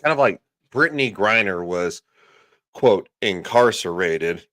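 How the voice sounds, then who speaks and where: Sarcastic and crude, a man hosting a livestream rants in a lowish, slightly bright voice with lively intonation at a measured pace. He pauses to read out comments from viewers' chat, and the close, dry recording carries no room sound.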